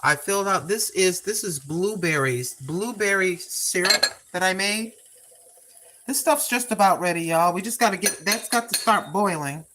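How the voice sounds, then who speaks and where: A woman's voice: fairly low pitch, moderate pace, background noise. An older woman chatting through a cooking live stream in her home kitchen, rambling and repeating herself in a folksy way. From Oregon, US.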